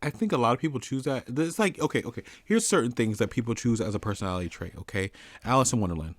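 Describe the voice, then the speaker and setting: Casting: jokey podcast co-host, mid-pitched, lively swooping delivery, dry close mic. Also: quick pace, no echo. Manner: animated, jokey, slips into silly put-on voices. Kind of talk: casual chat.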